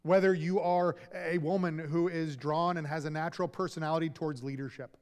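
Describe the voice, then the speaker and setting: A man preaching a sermon as pastor, earnest and emphatic, slowing down for key lines. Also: fairly high pitch, fairly even intonation, darkish tone. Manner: earnest, emphatic preaching with slow deliberate pauses. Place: church sanctuary.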